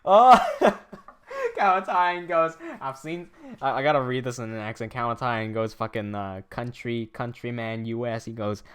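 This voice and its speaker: A man's voice: medium pitch, normal speed, fairly bright tone, smooth. A young man animator chatting casually on a livestream; he reads the chat aloud, laughs often and swears a lot. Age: young adult.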